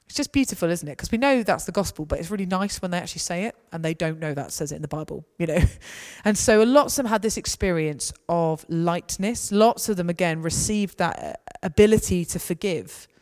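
A woman's voice: on the low side, brisk, hardly any pauses, darkish tone. A woman giving a conversational, anecdotal talk to a gathering. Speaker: speaker. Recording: reverberant hall.

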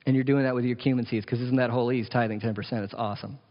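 A man's voice: mid-range voice, steady tone, racing. A male pastor preaching an emphatic sermon, full of rhetorical questions and playful asides. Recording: echoey hall, dull lo-fi sound.

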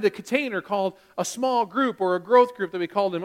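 High-voiced man preaching a sermon. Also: brisk, hardly any pauses, big-room sound. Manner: preaching with rising emphasis and brief mimicked churchgoer asides. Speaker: pastor.

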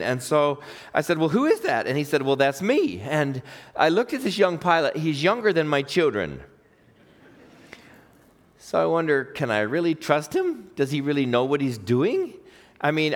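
An older man, a chaplain, preaching a sermon through a folksy personal story with acted-out dialogue. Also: on the high side.

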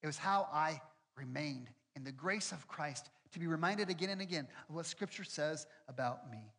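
A man's voice: on the high side, moderate pace, gravelly, a bit bright, slightly rough. A male pastor preaching a sermon in a conversational, storytelling way with self-deprecating humor. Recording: long reverb with faint music behind.

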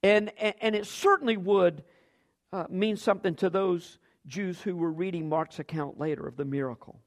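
A man's voice: high voice, moderate pace. A man preaching a sermon as pastor, acting out quoted lines with big jumps in his voice.

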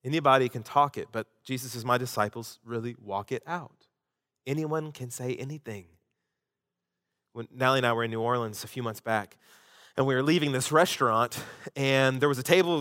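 A man pastor preaching a sermon, swinging between loud emphasis and hushed asides. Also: mid-range voice, in a large hall.

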